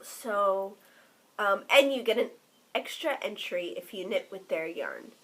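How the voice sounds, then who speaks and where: A woman co-hosting a crafts podcast in relaxed, giggly casual chat. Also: medium pitch, measured pace, low-quality recording. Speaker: podcast co-host.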